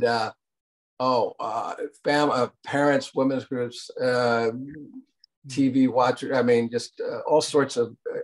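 An older man recounts stories from his career in a loose, rambling way, full of fillers and restarts. He slips into acted-out quotes as he goes, and his voice sits at an everyday middle pitch. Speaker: interview guest, cartoon producer. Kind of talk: casual storytelling interview.

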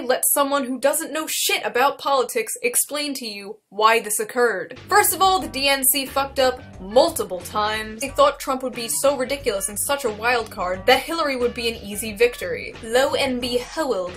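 A woman hosting a sarcastic political commentary vlog, mocking and profane, with sudden loud outbursts. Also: on the high side, moderate pace, hardly any pauses, faint music behind. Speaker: commentary host.

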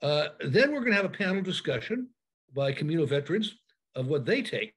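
A man presenting a packing talk in a webinar, speaking over a video call, halting with many fillers and restarts. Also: fairly high pitch, sing-song, fairly bright tone, husky.

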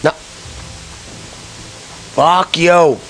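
A man's voice: on the high side, extremely slow, a bit bright, soft background music, poor audio. A man commenting casually while playing a video game, frustrated and swearing a lot. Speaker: let's-play gamer.

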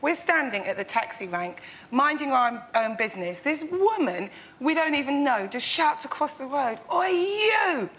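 A woman's voice: high-pitched, expressive, normal speed, hardly any pauses, a bit bright, poor audio. A woman comedian telling an indignant anecdote on a panel show, building to a punchline. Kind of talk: stand-up anecdote. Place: TV studio with an audience.

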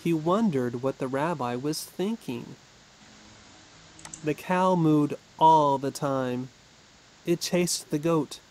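A man narrating a storybook slowly and clearly for English learners. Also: fairly high pitch, darkish tone, a little hiss or hum, low-quality recording. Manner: slow, clear, careful.

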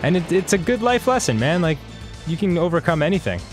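A man's voice: a little high, very animated, a little fast, music in the background. A man co-hosting a casual comedic chat, telling stories in a laid-back way with jokey asides. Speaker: co-host.

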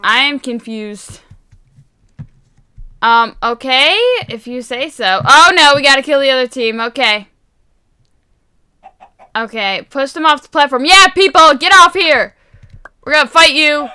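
A woman hosting a game video, giving chatty, excitable play-by-play that bursts into squeals and laughter. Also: sits high, measured pace, clear, resonant tone. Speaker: gaming video host. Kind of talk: excited let's-play commentary.

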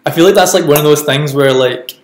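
A young man hosting a podcast, asking questions in a relaxed, teasing way with frequent giggles. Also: fairly high pitch, fast. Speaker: podcast host. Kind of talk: casual interview chat. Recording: echoey room.

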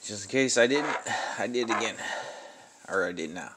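A man's voice: on the low side, lively intonation, moderate pace, very noisy. A man giving casual running commentary as he scratches lottery tickets, muttering numbers and sighing and groaning at losses.

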